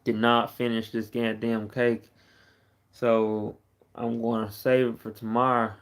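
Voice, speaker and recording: A man's voice: medium pitch, level tone, a little slow. A tired young man from Texas chatting casually on a late-night live stream, rambling and repeating himself.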